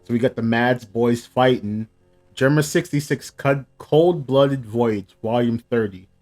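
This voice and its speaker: Male reaction host, mid-pitched, chatty panel-by-panel reading, soft music under. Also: measured pace. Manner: reads panels aloud between casual comments. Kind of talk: casual live reaction.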